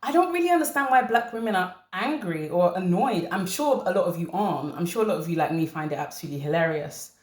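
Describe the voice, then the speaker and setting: A woman hosting a commentary channel, talking to camera in an animated way and repeating her points for emphasis. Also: lowish voice, quick pace, hardly any pauses, roomy sound. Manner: animated, laughing, emphatic repetition.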